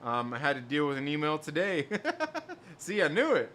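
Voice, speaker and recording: A man's voice: a little high, sing-song, moderate pace, a bit bright. A man hosting a casual live stream, reading chat messages aloud and riffing on them. He rambles, repeats himself and laughs often.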